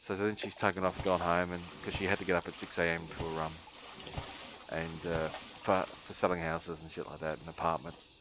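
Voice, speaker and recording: A man's voice: low voice, little pitch movement, brisk, noisy background. A man streaming a game, telling a long rambling story with laughs and many ums.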